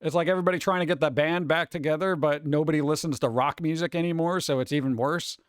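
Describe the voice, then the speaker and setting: A man's voice: fairly high pitch, steady tone, quick pace, clear, resonant tone, no echo, studio quality. A man hosting a casual stream, rambling through news with sarcastic, mocking asides. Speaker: streamer host. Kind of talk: casual chat.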